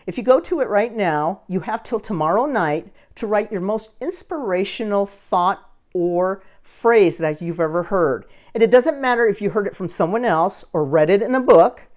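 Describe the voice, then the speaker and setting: With a medium-pitched voice at normal speed, a woman vlogger recounts a story straight to camera for her social media page. Her delivery is casual and lively, and she acts out the other characters.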